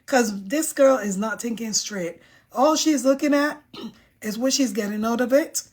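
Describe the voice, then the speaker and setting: A fairly high-pitched woman hosts a live stream in an easy, chatty way. She reads viewer comments aloud and answers them with outspoken, emphatic opinions. She often repeats herself to drive a point home. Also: a little slow, darkish tone, slightly rough. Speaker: livestream host reading viewer comments.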